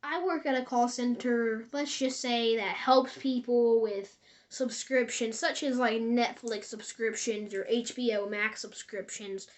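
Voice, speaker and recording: Casual female storyteller for spooky tales, chatty and rambling, slightly high. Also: fairly even intonation, unhurried. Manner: rambling, conversational, addresses viewers directly. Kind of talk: casual spoken horror storytelling.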